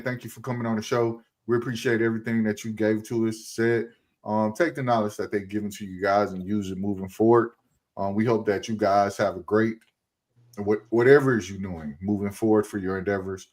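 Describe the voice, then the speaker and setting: A man hosting a casual sports podcast, loud and teasing, laughing often as he talks. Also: on the low side, steady tone, fairly quick. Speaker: podcast host.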